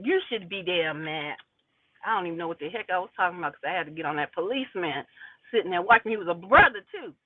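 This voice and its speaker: A woman's voice: mid-range voice, no echo. A woman livestreaming from a parked car, preaching emphatically to her chat and firing off rhetorical questions. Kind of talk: casual livestream rant to chat. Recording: tinny phone-like livestream audio.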